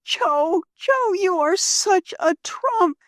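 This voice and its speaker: A spirited young shop girl from an old storybook, put on by a woman reading aloud. Her voice sits high and bright, with a breathless, rising lilt. It is a dry, close recording. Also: very animated, moderate pace, dry recording. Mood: eager.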